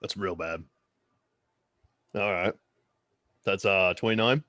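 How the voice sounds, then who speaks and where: A man's voice: deep voice, takes it slowly, a bit bright, dull audio. A man playing in a tabletop game, speaking casually and animatedly. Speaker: player.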